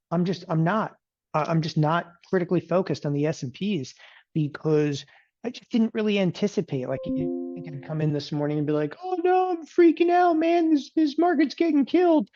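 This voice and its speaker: A man's voice: on the high side, a little mellow, muffled recording. A middle-aged man giving a live market lesson, talking casually with jokey asides, tossing in "okay" and mock quotes. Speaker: trading educator.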